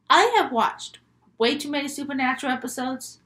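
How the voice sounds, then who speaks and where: A woman's voice: sits high, steady tone, moderate pace, fairly bright tone. A young woman vlogger telling made-up scary stories in a chatty, rambling, giggly way. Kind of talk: casual storytelling vlog.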